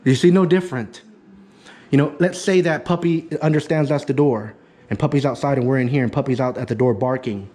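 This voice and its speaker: A man's voice: medium pitch, fairly quick. A man working as a dog trainer, giving an in-home consultation in an emphatic, repetitive teaching manner. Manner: emphatic, repetitive teaching, acts out excited praise.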